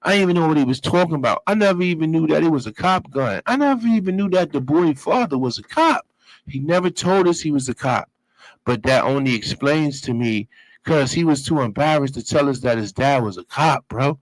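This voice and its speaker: Animated man telling a story. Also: fairly high pitch, fairly quick, no echo, poor audio. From Brooklyn, New York. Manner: animated, profane street talk with vocal sound effects. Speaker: guest telling his life story. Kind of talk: casual storytelling.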